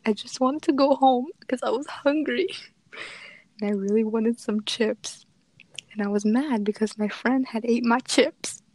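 A teenage girl chatting casually and telling a story, animated and giggly, laughing often. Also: fairly high pitch. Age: teens. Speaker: podcast co-host.

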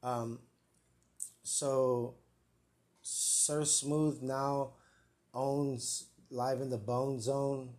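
A man's voice: medium pitch, level tone, very slow, pauses often, darkish tone. A man hosting a live comedic podcast, rambling, joking and swearing at himself. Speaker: podcast host. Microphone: earpiece and mic, live stream.

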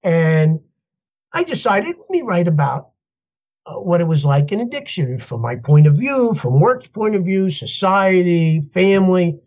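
An older man, a podcast guest telling his story in an animated way and laughing as he goes. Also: high-pitched, measured pace. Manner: animated, laughs as he tells stories, acts out voices in quotes. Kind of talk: storytelling interview.

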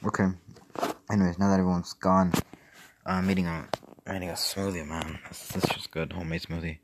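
A man's voice: low-pitched, flat delivery, fairly quick, noisy background. A young man rambling casually and profanely on a livestream, with mumbled asides. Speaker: streamer.

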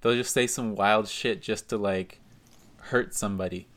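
A man's voice: on the low side, steady tone, moderate pace, fairly bright tone. A man co-hosting a podcast, explaining his view in a laid-back, reasoned way. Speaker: podcast co-host. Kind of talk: casual podcast chat.

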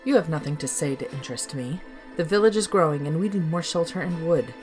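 A woman's voice: deep voice, brisk, a little mellow, soft background music, close to an everyday voice. A woman voicing a selfish, stubborn village man who wants to cut down a tree. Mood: dismissive.

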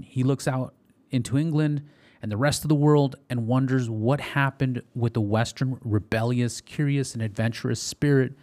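A podcast host with a warm, mid-range male voice delivers a casual, chatty monologue, reading articles aloud. He often trips over words and corrects himself.

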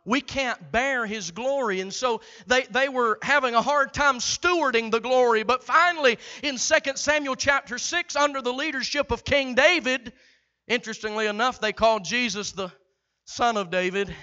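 A male pastor preaching a sermon with a very high, bright, forceful voice. His delivery is rhythmic, dropping to near-hushed passages and then rising into shouted climaxes. The recording is muffled and lo-fi. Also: moderate pace.

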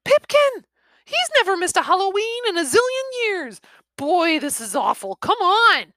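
A woman voicing a gang of excited costumed boys with shrill, shouting voices. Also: takes it slowly, no room sound, studio quality, exaggerated voice.

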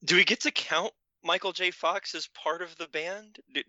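A man's voice: sits high, steady tone, moderate pace, sharp tone, no room sound, dull audio. A man on a casual podcast panel, rambling and hesitant as he talks. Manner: rambling, hesitant, full of filler words.

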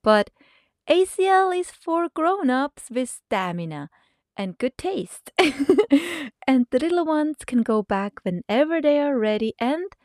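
A middle-aged woman hosting a podcast, telling a personal story expressively, laughing often and dropping to hushed whispers. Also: sits high, very animated, takes it slowly, no room sound, clean studio sound. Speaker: podcast host.

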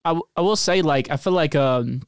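A man hosting a loose podcast chat, joking, swearing and teasing his guest. His voice sits a little high for a man, and he fills his sentences with "like" and "dude". The sound is dry and close. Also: a little fast, clean tone, no echo. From Southern United States. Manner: joking, profane, teasing, many fillers. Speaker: podcast host.

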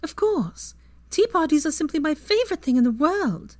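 A woman's voice: sits high, sing-song, moderate pace, no echo, pitched above the performer's own voice. A woman voicing a cheerful, sly young witch who talks in a playful, sugary way, in a fan fiction reading.

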